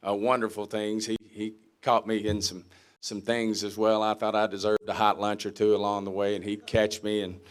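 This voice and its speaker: A man with a drawl tells a long anecdote to a club crowd. His voice sits lowish, and he acts out every quoted line. He breaks into his own laughter along the way. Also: little pitch movement, moderate pace, clear, resonant tone. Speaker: guest speaker. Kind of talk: storytelling speech.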